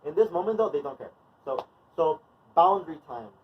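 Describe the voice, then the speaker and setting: A man's voice: on the high side, expressive, a little fast. Casual man teaching a movement class. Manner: loose, conversational, many fillers and restarts. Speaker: movement and wellness instructor. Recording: distant mic, dull sound, faint noise.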